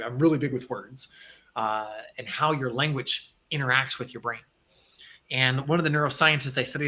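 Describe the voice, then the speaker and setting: A man's voice: a little high, sharp tone. A man coaching viewers on a livestream, earnest and emphatic, repeating phrases for effect. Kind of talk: livestream talk and guided breathing.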